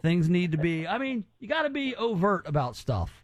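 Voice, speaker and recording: A male radio host with a high voice, joking and teasing his callers. He rambles in loose, casual banter and keeps the show moving. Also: big pitch swings, normal speed, no echo.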